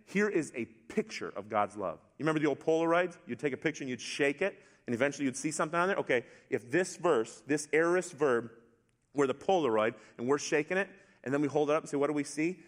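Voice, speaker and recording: A middle-aged man preaching a sermon to a congregation, storytelling in a relaxed, conversational way with asides. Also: on the high side. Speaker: pastor. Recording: long hall reverb.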